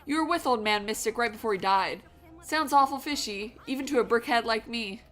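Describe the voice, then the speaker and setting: A woman voicing a tough, streetwise young man who talks in gruff tough-guy slang. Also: a little high, brisk, fairly bright tone, voice pushed up, lightly acted. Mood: suspicious.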